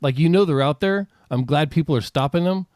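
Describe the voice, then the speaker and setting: A man co-hosting a podcast, reading news items and reflecting on them in a measured, frank way. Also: a little high, a little mellow, no room sound, studio quality. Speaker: podcast co-host.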